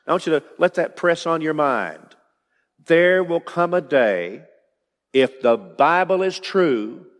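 A man's voice: a little high, long reverb tail. A man preaching an expository sermon, emphatic and building to rising declarations.

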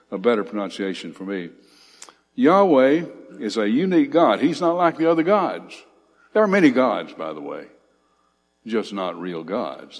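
A man preaching a sermon, reading scripture aloud with swelling emphasis and pausing on frequent fillers. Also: mid-range voice. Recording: long hall reverb.

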